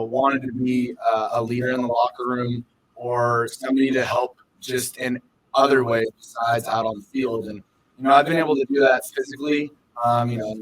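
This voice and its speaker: A young professional baseball catcher from Southern California answers questions earnestly in a casual podcast interview, using lots of fillers and restarts. His voice is mid-range, and the rough recording has a little hiss or hum.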